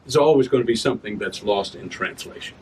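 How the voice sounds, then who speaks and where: This man talks fast in a fairly low, slightly mellow voice. Reading his own work in an event room, he chats with the audience about verse, illustrates with rhythm sounds and corrects himself, all captured by a distant mic with room ambience.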